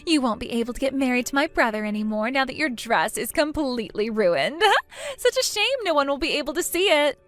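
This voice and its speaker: A woman's voice: sits high, animated, fast talker, few pauses. A woman voicing a spiteful, jealous young sister of the groom who mocks and whines in a voiced text-story drama. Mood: mocking. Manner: mocking, whiny, petulant.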